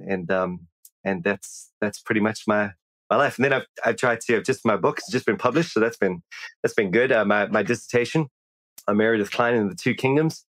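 A South African pastor with a lowish, fairly bright voice and an accent carrying some American influence chats casually as a podcast guest. He's self-deprecating and restarts often, and the recording is dry.

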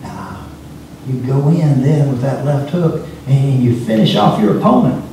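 Preacher's voice echoing from afar. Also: male voice, medium pitch, lively intonation, moderate pace, warm tone, a little hiss or hum. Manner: emphatic, repeats words when speeding up. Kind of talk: sermon. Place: church sanctuary. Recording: echoey church from far off.

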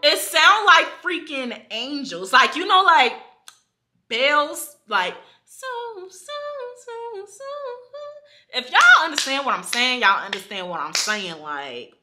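A young woman making a reaction video, chatting casually and excitably to her viewers and rambling with lots of fillers. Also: high voice, measured pace. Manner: addresses viewers directly. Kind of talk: casual chat.

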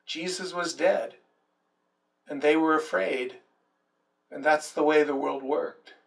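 A man's voice: a little high, fairly even intonation, slow, creaky, recorded from a distance. A male pastor preaching a sermon and telling the story dramatically, with quoted lines.

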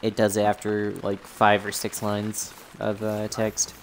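A man hosting a casual gaming stream, relaxed and chatty with plenty of fillers. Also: fairly low pitch, measured pace, noisy background. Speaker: stream host.

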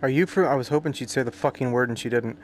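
With slight background noise behind him, a medium-pitched man talks fast while streaming a game. He voices the on-screen subtitles and adds joking, crude commentary packed with swearing and loud reactions.

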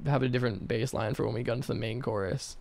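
A man's voice: medium pitch, steady tone, quick pace, creaky. A man casually narrating his music-making vlog, joking at himself and swearing. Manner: jokey, swearing, laughs at himself. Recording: music playing underneath.

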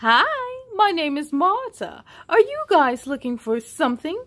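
A woman voicing a helpful friendly hippo with a warm, helpful manner in a storybook read-aloud. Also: sits high, very animated, measured pace, pitched above the performer's own voice, exaggerated voice.

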